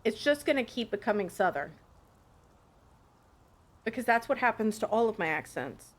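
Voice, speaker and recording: Woman streamer, high lively voice, excitable, casual game chatter. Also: moderate pace. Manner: excitable, laughing, swears freely. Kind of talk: casual live game commentary.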